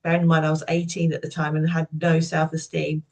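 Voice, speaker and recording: A woman in her fifties, a podcast guest, candidly recounting painful childhood memories in a steady, personal storytelling manner. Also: low-pitched, brisk. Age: 50s.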